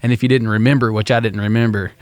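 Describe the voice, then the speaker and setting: A man's voice: lowish voice, flat delivery, fast, no echo. A man co-hosting a church podcast, chatting casually and dropping dry, joking asides. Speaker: podcast co-host. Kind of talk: casual chat.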